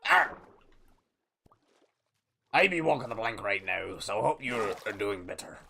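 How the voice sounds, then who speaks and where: Man putting on a gravelly pirate captain. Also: fairly low pitch, very animated, measured pace, slight background noise, exaggerated voice. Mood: chatty. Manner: growly pirate talk with shouted "yar" calls. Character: gruff male pirate captain, boisterous. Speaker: streamer. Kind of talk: live gameplay stream.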